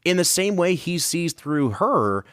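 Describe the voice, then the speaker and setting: A man's voice: a little high, big pitch swings, measured pace, fairly bright tone, clear, resonant tone, no room sound, studio quality. A man co-hosting a film podcast, talking through his analysis in a thoughtful, casual way. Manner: thoughtful, analytical, building arguments. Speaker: podcast co-host.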